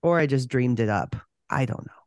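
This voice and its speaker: A woman's voice: extremely low pitch, animated, a little fast, darkish tone, no room sound, clean studio sound. A woman hosting a podcast in casual, playful chat. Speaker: podcast host.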